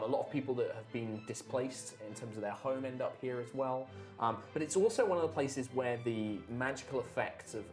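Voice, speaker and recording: Male game master, mid pitch, rambling filler-laden scene narration, faint music behind. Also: a little mellow. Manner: rambling descriptions with many fillers.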